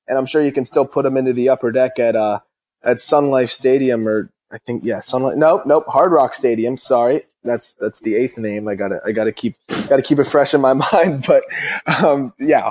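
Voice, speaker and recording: Young man, mid-pitched voice, eager and talkative, hosting an interview. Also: darkish tone. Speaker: host. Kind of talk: casual interview chat.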